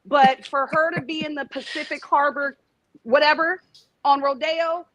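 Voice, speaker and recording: A woman's voice: high-pitched, fairly even intonation, moderate pace, fairly bright tone, dry recording, poor audio. A woman on a video-call review panel, bold and dismissive with playful jabs. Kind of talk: casual review chat.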